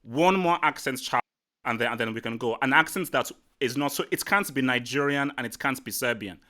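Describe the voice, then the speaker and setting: Bright-voiced competitive male host. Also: medium pitch, fairly quick. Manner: competitive, joking, repeats himself. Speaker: channel host. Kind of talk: casual live-stream chat.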